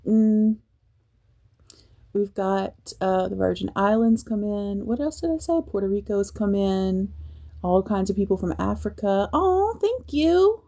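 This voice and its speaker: A woman chats upbeat and easygoing on a phone livestream. Her voice has a mellow, warm tone at a middle pitch. She talks like a base cook catching up with viewers, often restarting mid-sentence. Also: measured pace. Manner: chatty and upbeat, with frequent restarts. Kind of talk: casual livestream chat.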